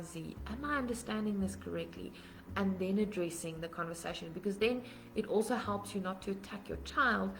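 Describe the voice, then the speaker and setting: Low-voiced woman teaching parents. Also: rough recording. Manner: earnest, explanatory, steps through numbered points. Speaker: parenting workshop host. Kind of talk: live-streamed parenting workshop. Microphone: webcam or phone on a live stream.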